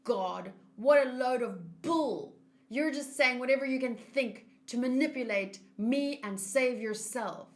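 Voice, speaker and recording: A woman's voice: sits high, a little slow. A woman voicing a furious, defiant young woman who is fed up and scornful. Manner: scornful, shouting. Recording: roomy echo.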